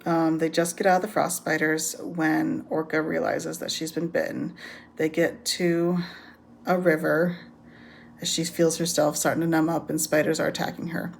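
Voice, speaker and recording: Female book reviewer, casual chatty recap, gravelly voice with vocal fry. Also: low-pitched, little pitch movement, normal speed, a little hiss or hum. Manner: rambling, many ums, laughs often.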